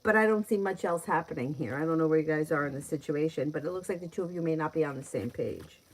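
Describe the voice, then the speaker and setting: A middle-aged woman with a New York accent, giving tarot readings on a live stream. She talks in a chatty, easygoing way and laughs often as she answers viewers. Her voice sits a little low for a woman. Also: quick pace, rough recording. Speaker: tarot reader.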